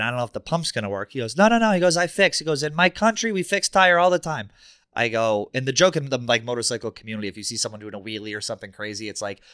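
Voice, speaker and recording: Fast bright-voiced man telling a story. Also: mid-range voice, no echo, studio quality. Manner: animated, profane storytelling with acted-out quotes. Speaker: podcast co-host. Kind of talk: casual storytelling chat.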